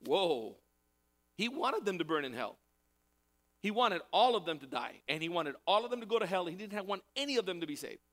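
A man's voice: sits high, big pitch swings, a little fast, a bit bright. A male pastor preaching a sermon in a conversational way, repeating key phrases for emphasis.

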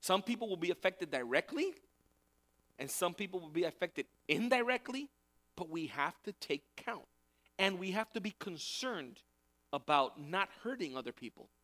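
A man's voice: high voice, big pitch swings, moderate pace, fairly bright tone. Man preaching a conversational sermon. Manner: conversational preaching with emphatic repetition. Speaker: pastor.

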